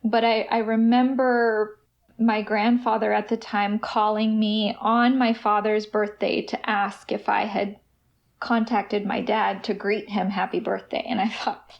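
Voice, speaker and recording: A woman telling her personal recovery story as a podcast guest, emotional and halting, with restarts. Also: medium pitch, little pitch movement, gravelly, lo-fi sound.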